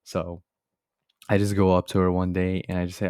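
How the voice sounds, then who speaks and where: A young man with a low, deep voice tells a childhood story in casual storytime fashion. He rambles, leans on fillers and sounds a bit sheepish, recorded close and dry with no room sound. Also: little pitch movement, a little fast, darkish tone, clear, resonant tone, no room sound. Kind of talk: casual animated storytime narration.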